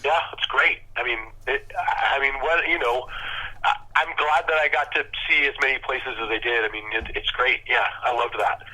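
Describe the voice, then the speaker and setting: An American man, a musician guest in an interview, talking in a rambling, halting way with lots of restarts. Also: mid-range voice, sharp tone, breathy edge, rough recording. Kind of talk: casual interview chat.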